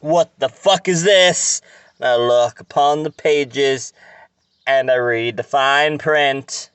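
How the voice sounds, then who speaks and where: Slow, crisp-voiced man telling a crude story. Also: medium pitch, sharp tone, no echo. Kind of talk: comic monologue.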